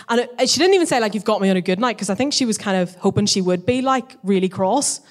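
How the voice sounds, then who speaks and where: A woman's voice: mid-range voice, quick pace, few pauses. Chatty young woman telling a story. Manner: chatty, lively storyteller who talks at length. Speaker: guest sharing a testimony. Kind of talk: casual spoken testimony.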